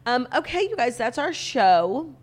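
A woman's voice: high-pitched, big pitch swings, a little slow. A young woman co-hosting a podcast in casual chat, wry and given to dramatic declarations. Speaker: podcast co-host.

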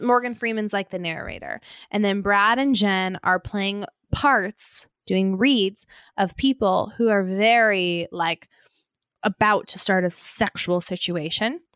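Unhurried woman podcast co-host. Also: medium pitch, a bit bright, clear, resonant tone, dry recording, clean studio sound. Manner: chatty, laughs while joking. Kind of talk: casual chat.

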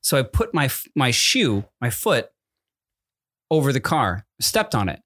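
A man's voice: mid-range voice, big pitch swings, unhurried, a bit bright, dry recording, clean studio sound. A man in his thirties, a podcast co-host, chatting casually and telling a rambling story with many self-corrections. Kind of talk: casual chat.

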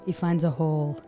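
A woman co-hosting a casual podcast chat, encouraging and quick to laugh. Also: sits low.

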